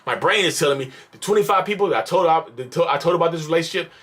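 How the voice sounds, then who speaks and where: A man putting on the voice of a stubborn, self-assured person who clings to a bad relationship, in a mocking, drawn-out imitation. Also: a little high, fairly bright tone.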